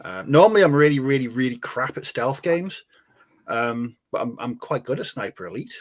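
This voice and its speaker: A man's voice: mid-range voice, very animated, normal speed. Self-mocking male co-host, enthusiastic. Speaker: podcast co-host. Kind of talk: casual chat about games and models.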